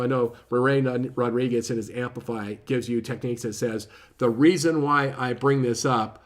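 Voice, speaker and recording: Casual man reviewing a book, quiet and quick. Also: mid-range voice. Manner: informal, self-correcting, lots of "right?" tags; says he often speaks too quietly and too fast.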